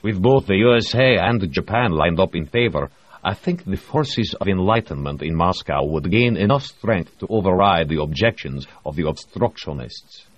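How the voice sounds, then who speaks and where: A man's voice: sits low, lively intonation, normal speed, no echo, voice pushed up. A man voicing a stiff, formal Russian official. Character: glum, lean Russian project director. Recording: dry, slightly muffled audio.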